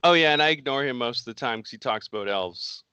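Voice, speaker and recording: A man's voice: medium pitch, fast talker, bright, forceful tone, clean tone, no room sound. A man co-hosting a casual livestream, joking in a laid-back way. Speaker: co-host.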